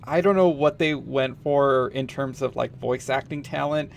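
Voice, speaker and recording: A man's voice: mid-range voice, moderate pace, vocal fry. A man streaming a game, musing and rambling in casual commentary, chuckling now and then.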